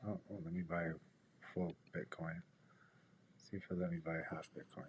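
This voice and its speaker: A man's voice: low voice, level tone, normal speed, a little hiss or hum. A man rambling through casual trading commentary and personal stories, swearing freely and dropping into whispered asides to himself. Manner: drops into whispers. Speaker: day trader.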